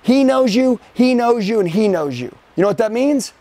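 A man with a high voice running a live sales training for a team. He coaches forcefully and keeps throwing rhetorical questions at the room. He shifts his pace, rushing some lines and drawing others out for emphasis. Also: animated. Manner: speeds up and slows down for emphasis.

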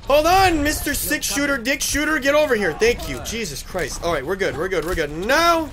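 Over crowd noise, this man's very high-pitched, very animated voice moves at a moderate pace. He's a gaming YouTuber giving live commentary on a team shooter game, frantic and cursing as he shouts at his teammates.

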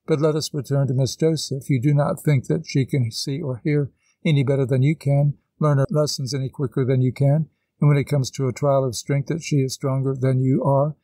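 Male reader doing a patient, moralizing woman mentor for an audiobook, mellow tone. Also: medium pitch, steady tone, a little fast, dry recording, natural voice. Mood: earnest. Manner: patient, instructive. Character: kindly older woman teacher, gentle and moralizing. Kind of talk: audiobook dialogue reading.

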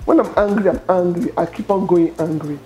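A middle-aged Nigerian woman telling her story as an interview guest, expressive and quick to laugh. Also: lowish voice. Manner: expressive, laughs often, acts out quoted dialogue. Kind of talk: animated personal storytelling.

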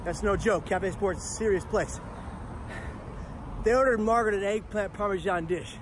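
A man speaker telling a comedic personal story in a punchy, animated way with profane asides. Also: sits high, moderate pace, a little hiss or hum. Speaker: motivational speaker.

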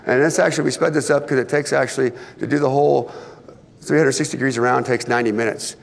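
A middle-aged man giving a public presentation as an astronaut guest speaker, telling stories in a relaxed, conversational way with light humor. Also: medium pitch, fast, gravelly. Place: large event hall. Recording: long hall reverb.

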